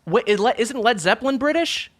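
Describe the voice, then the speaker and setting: A man's voice: very high voice, animated, fairly quick, fairly bright tone. A man co-hosting a comedy podcast who talks in an earnest, careful way that tends to over-explain. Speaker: co-host. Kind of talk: casual comedic chat.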